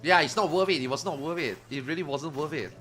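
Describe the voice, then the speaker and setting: A man streaming, telling a story to his chat in a casual, animated way, swearing and loudly acting out what others said. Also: on the high side, quick pace, faint music behind. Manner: animated retelling, acts out quotes loudly, swears, laughs.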